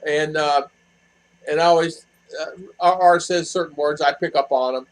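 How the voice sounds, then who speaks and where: Answering his viewers' chat, this vlog host, an expat based in the Philippines, rambles casually with plenty of fillers and false starts. His voice sits a little high, holds a steady tone at a moderate pace, and comes through a low-quality recording.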